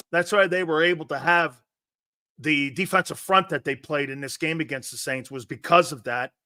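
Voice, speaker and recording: A man hosting a football talk show in a brash, loud, profane and mocking monologue. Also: on the high side, dry recording, studio quality. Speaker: sports talk show host.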